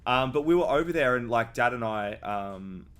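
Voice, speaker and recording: A man's voice: mid-range voice, animated, normal speed, a bit bright. A young man talks on his podcast in a loose, candid way, sprinkling in swear words as he tells a personal story. His voice sits in an ordinary middle register. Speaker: podcast host. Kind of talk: casual podcast chat.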